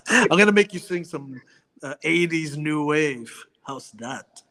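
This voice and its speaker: A man, a comedian guest, chatting casually, joking and riffing quickly while plugging his shows. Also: a little high, expressive, noisy background. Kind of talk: casual chat.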